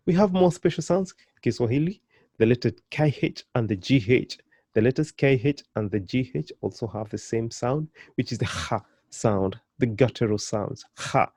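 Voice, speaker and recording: A man teaching an online beginners' language lesson, encouraging and patient, repeating and drilling each word slowly. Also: medium pitch, dark tone, no room sound.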